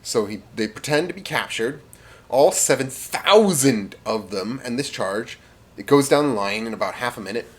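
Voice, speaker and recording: Animated man telling a rambling tall tale. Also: mid-range voice, moderate pace, breathy edge. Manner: animated, rambling, with fillers and sound effects. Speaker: storyteller. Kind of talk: casual comic storytelling.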